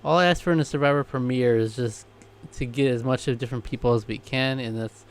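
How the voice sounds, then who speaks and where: An easygoing man co-hosting a casual TV reaction chat. His voice sits at an ordinary middle pitch. He talks in a relaxed, conversational way and keeps the discussion moving. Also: quick pace. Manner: easygoing, chatty, wraps up the show. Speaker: co-host of a reaction show.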